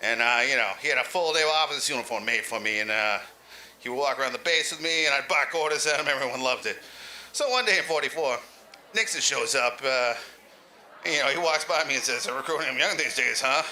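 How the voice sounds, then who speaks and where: A man's voice: medium pitch, a little fast, pushed and bright, a little hiss or hum, rough recording. Crude rambling male lounge comic. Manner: crude, laughing through his own jokes. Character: lounge comedian claiming eighty-five years. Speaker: comedian.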